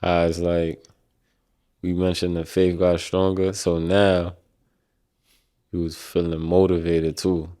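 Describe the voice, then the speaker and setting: A man's voice: low-pitched, little pitch movement, slow pace, pauses often, mellow. A man co-hosting a podcast in casual chat, listening in a laid-back way and answering with short affirmations. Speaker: podcast co-host.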